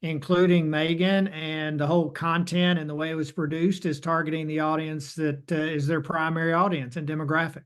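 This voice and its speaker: A man's voice: on the high side, little pitch movement, fairly quick, few pauses, smooth. A man on a casual talk-show panel over a video call. He lays out his thoughts as organized, numbered points.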